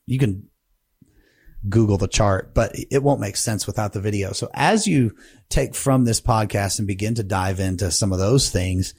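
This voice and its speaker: A man co-hosting a podcast about preaching, talking in a relaxed, conversational way. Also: lowish voice, normal speed, breathy edge, no room sound, studio quality. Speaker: podcast co-host.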